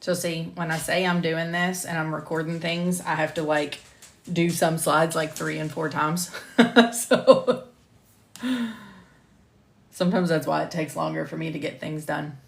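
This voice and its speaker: A woman's voice: deep voice, steady tone, unhurried, creaky. Southern-accented woman reading a lecture. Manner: reads slides carefully, then chats with self-deprecating asides and laughter. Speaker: medical coding instructor. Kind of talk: recording a scripted lecture on a live stream.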